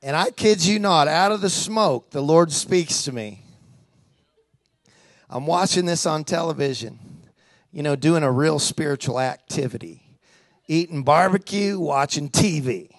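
A man with a fairly high voice, recorded with no room sound, preaches a sermon in a conversational, storytelling style. He draws the congregation in with questions and call-and-response.

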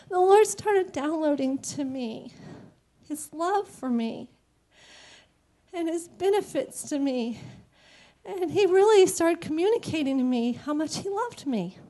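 A woman with a bright, high voice tells her story of faith in an earnest, emotional way. She sounds close to tears, and her voice stays open and heartfelt throughout. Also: expressive. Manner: emotional and earnest, quick to laugh. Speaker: church member giving a testimony. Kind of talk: personal faith testimony.

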